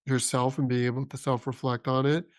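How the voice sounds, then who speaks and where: A man hosting a podcast interview, affirming his guest and asking halting, searching questions. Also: mid-range voice, level tone, no echo, clean studio sound. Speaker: podcast host. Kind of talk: interview conversation.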